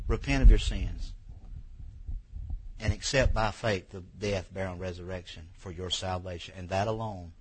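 A man's voice: lowish voice, fairly bright tone, a little hiss or hum, poor audio. A man in his thirties preaching a sermon in church, folksy and emotional, telling personal stories that rise toward tears. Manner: folksy, emotional storytelling, rising to near tears. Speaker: pastor.

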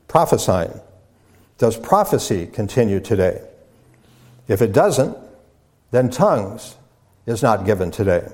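A pastor stands in the pulpit delivering a teaching sermon in a medium-pitched, slightly mellow voice. He moves at a measured pace, circling back and repeating words as he lays out each point, with the occasional filler between phrases.

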